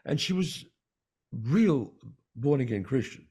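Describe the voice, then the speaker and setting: A man's voice: mid-range voice, lively intonation, slow pace, a little mellow, husky. A man co-hosting a podcast, telling a story in casual chat and repeating words for emphasis. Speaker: podcast co-host.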